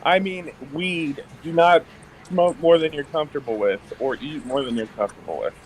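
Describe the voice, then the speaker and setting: A man's voice: on the high side, moderate pace, a little hiss or hum, low-quality recording. A young man telling a personal story in a casual podcast chat, rambling with lots of fillers and restarts. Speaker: guest.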